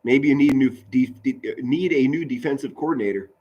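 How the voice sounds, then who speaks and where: A man doing live football play-by-play for his viewers, excitable, his voice jumping up on big plays and his words stumbling over each other. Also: medium pitch, brisk, dull audio. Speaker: amateur play-by-play commentator. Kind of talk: live play-by-play commentary with chat.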